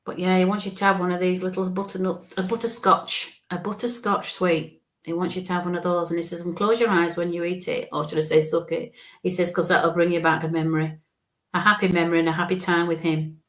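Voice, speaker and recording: Gentle medium woman, soothing "okay?". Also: on the low side, level tone, fairly quick. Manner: gentle, reassuring, often ends phrases with "okay?". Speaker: psychic medium. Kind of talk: live psychic reading.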